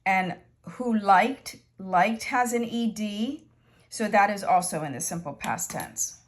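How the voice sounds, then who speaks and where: Speaking at a medium pitch, a woman walks through an English grammar lesson, patient and unhurried, going over examples again and again.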